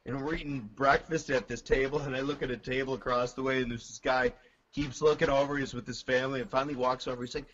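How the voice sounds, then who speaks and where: A man guest on a drum talk stream, telling stories with lots of laughter and halting restarts. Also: medium pitch, highs cut off, slight background noise. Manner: animated storyteller, laughs often, halting restarts. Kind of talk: casual chat.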